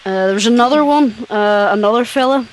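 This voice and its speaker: A woman's voice: on the high side, fairly quick, rough recording. A woman from Northern Ireland with a Northern Irish accent, telling blunt stories about working in a call center in casual chat. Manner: blunt storytelling.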